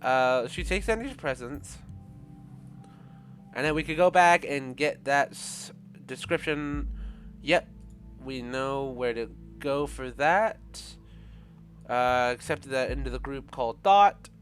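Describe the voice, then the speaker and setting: A man's voice: medium pitch, slow, fairly bright tone, soft background music. A man commenting as he plays a game, musing aloud and joking with many restarts. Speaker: gamer. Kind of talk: let's play commentary.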